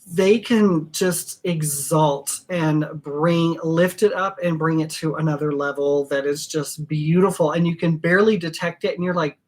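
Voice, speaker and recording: A middle-aged woman with a low, unhurried voice walks through a perfume formula in a casual tutorial. She talks warmly and emotionally about each ingredient, wanders off on tangents, and spells names out letter by letter. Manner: gushing, emotional, chatty and digressive. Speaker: perfumer teaching fragrance blending. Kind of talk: casual home-studio tutorial.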